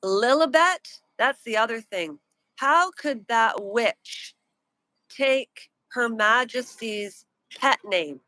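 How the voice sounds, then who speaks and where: Indignant and mocking, this woman tears into celebrity gossip on a live stream as a pop culture commentator, slowing down for emphasis. Her voice is fairly high, expressive, bright and forceful, recorded without echo.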